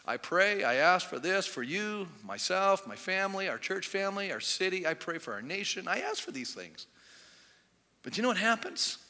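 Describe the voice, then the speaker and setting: A man preaching a sermon as pastor, animated and emphatic, rising loud and dropping soft for effect. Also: sits high, normal speed. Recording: long hall reverb.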